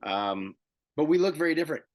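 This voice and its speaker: A man in his fifties, a guest actor in a casual interview, telling animated stories and acting out the dialogue. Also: a little high, a little fast, dry recording. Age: 50s. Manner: animated storyteller who acts out dialogue.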